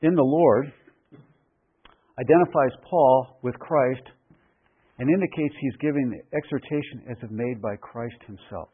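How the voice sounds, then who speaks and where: A man preaching a verse-by-verse sermon in an emphatic, deliberate way, repeating key phrases for weight. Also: mid-range voice, breathy edge. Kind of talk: expository sermon. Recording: phone-like radio broadcast.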